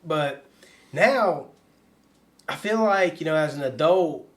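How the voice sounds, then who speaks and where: Reflective man with a fairly high voice. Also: animated, slow pace. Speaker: podcast co-host. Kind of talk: casual chat.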